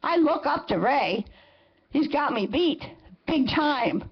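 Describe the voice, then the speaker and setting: In a muffled recording, a woman in her seventies delivers impassioned public comment at a council meeting. Her high, expressive voice moves slowly as she speaks with indignant emphasis, repeating phrases to drive her points home.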